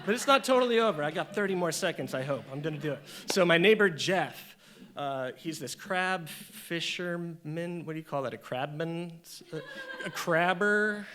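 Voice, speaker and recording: Animated man telling a stand-up story. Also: fairly high pitch, normal speed. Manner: animated, acts out voices in the story. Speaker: stand-up comedian. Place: comedy show stage.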